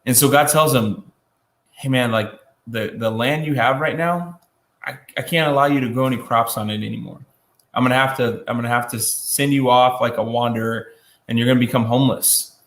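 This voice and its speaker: Man, Bible lesson, conversational retelling, fillers and restarts, middle pitch, roomy echo. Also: a little fast, a bit bright. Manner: conversational, many fillers and restarts, acts out quotes. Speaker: Bible teacher.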